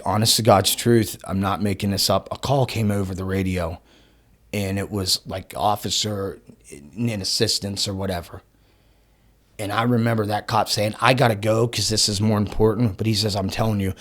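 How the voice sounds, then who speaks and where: A man on a podcast as the guest, telling a story in an excitable way. He swears often, laughs mid-sentence and acts out the dialogue. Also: lowish voice. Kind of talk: animated storytelling.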